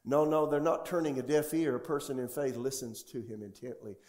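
A man's voice: mid-range voice, brisk, darkish tone. A male pastor preaching a sermon in a church sanctuary, often putting questions to the congregation. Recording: echoey church room.

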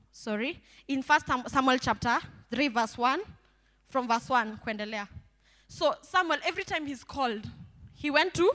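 A woman pastor preaching a sermon, animated and calling out to the congregation for responses. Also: high voice, big-room sound.

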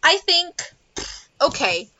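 A woman's voice: very high-pitched, very animated, takes it slowly, pushed and bright, highs cut off. A young woman co-hosting a podcast, chatting casually and giggling as she rambles through a movie review with many fillers. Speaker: podcast co-host.

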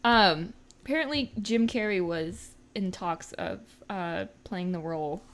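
A woman co-hosting a casual movie-review chat, animated and giggly, often exclaiming. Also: on the low side, a little slow. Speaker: podcast co-host.

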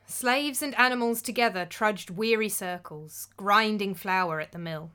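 A woman giving measured, descriptive scripted narration of a story. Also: medium pitch, sharp tone, clean tone, soft background music.

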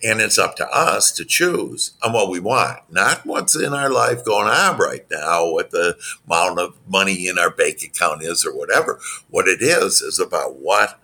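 A man with a very low, gravelly voice that swoops across a wide pitch range as he coaches. His tone is bright and a little husky, and he answers interview questions in spiritual self-help terms with animated energy. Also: moderate pace, hardly any pauses. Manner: animated, acts out quoted dialogue in a higher voice. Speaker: business coach.

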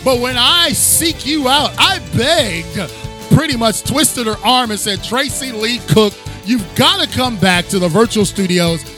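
Animated podcast host man, high voice. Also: unhurried, music in the background. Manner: showman, sing-song, booming announcer build-ups. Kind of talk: hyped podcast introduction and chat.

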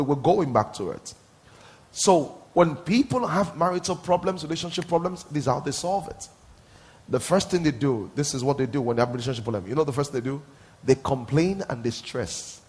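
A middle-aged male pastor preaching a sermon, swinging from soft asides to loud, emphatic exclamations and asking the crowd to answer back. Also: on the high side.

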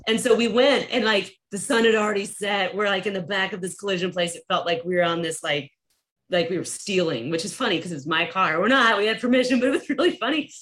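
A woman guest on a podcast, chatting casually and telling a story in an animated, laughing way. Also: medium pitch, quick pace. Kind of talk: casual chat.

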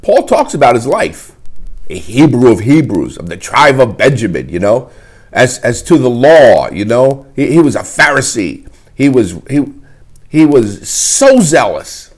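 A middle-aged man, a pastor, preaching an emotional sermon in a halting, repetitive way, close to tears. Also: medium pitch, sing-song, slightly rough. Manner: emotional, wears heart on sleeve; halting, repeats words often. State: tearful. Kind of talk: livestreamed sermon.

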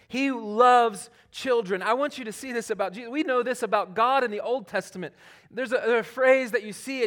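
A man's voice: high-pitched, fairly bright tone. A man delivers a sermon to his church. He talks in a loose, conversational way, pressing his points hard and often restarting phrases mid-sentence. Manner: conversational, emphatic preaching with frequent restarts. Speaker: pastor.

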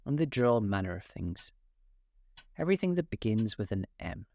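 A man voicing a sleepy, sulky male dormouse with a hoarse, feeble voice. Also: fairly low pitch, sing-song, normal speed, a little mellow, no room sound. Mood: drowsy. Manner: drowsy, sulky storyteller.

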